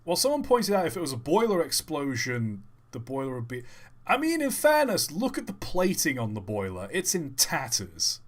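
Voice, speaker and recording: A man's voice: mid-range voice, big pitch swings, moderate pace, hardly any pauses. A man, chatting casually and joking about trains on a live stream. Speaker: co-host.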